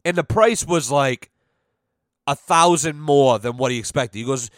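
A man's voice: medium pitch, unhurried, no echo, studio quality. A young man hosting a podcast, telling a casual story in a profane, exasperated way and acting out what others said. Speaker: podcast host.

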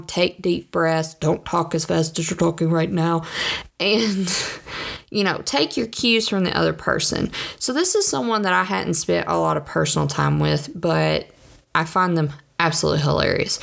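A woman in her thirties chats on in a loose, wandering way and pokes fun at herself. Her voice sits a little low, with a steady gravelly fry. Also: a little slow. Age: 30s. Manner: chatty, rambling, self-deprecating. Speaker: vlogger. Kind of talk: casual monologue.

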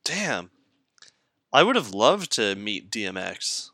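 A young man from Canada co-hosting a podcast, chatting casually, swearing freely and laughing loudly. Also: fairly low pitch, sing-song, slow, no room sound, clean studio sound. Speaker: podcast co-host. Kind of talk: casual chat.

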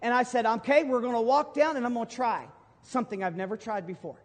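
A middle-aged man preaching a sermon as pastor, storytelling with emphatic, sudden loud bursts. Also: extremely high pitch, fast talker. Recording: long hall reverb from a sanctuary.

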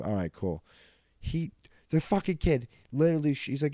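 A man's voice: mid-range voice, very animated, normal speed, mellow, no echo, studio quality. A young man hosting a comedy podcast, telling rambling, profane stories and laughing often. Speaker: podcast host. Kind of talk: casual comedic storytelling.

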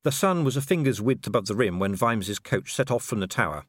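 A man's voice: mid-range voice, expressive, fairly quick, dry recording, studio quality. A man narrating an audiobook of a comic fantasy novel in a wry storytelling manner. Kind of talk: scripted narration.

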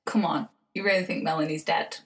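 A woman's voice: low voice, fairly even intonation, a little fast, a bit bright, slight background noise. An English woman co-hosting a casual podcast chat, swearing freely, laughing often and dropping into whispers. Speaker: podcast co-host.

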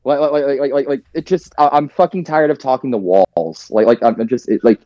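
A man's voice: medium pitch, a little fast, dark tone, dry recording. A hungover man co-hosting a soccer podcast, ranting with frustration and swearing. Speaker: podcast co-host. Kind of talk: casual chat. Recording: dull lo-fi sound.

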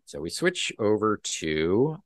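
A deep-voiced man talking casually on a comics podcast. His pitch swings widely as he recaps the plot and drops into the characters' lines. The sound is dry and close. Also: very animated, takes it slowly, no room sound. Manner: recaps the plot and acts out the dialogue. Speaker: podcast host. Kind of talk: casual comic book chat.

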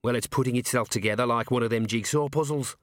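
A man's voice: medium pitch, fast, no room sound, clean studio sound, close to an everyday voice. A man doing Wee Mad Arthur, a cheeky tiny gnome. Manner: blunt, cheeky, slangy. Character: tiny scrappy male gnome rat-catcher.

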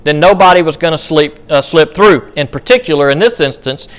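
A man's voice: a little high, brisk. A man teaching a Bible study class in a conversational way, with many fillers and restarts. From United States.

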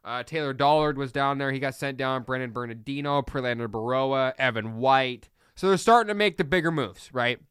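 A man's voice: mid-range voice, brisk, few pauses, a bit bright, smooth, dry recording. A man hosting a solo sports podcast, fired up and blunt, ranting with preachy repeated lines into a close mic. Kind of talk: opinionated solo podcast rant.

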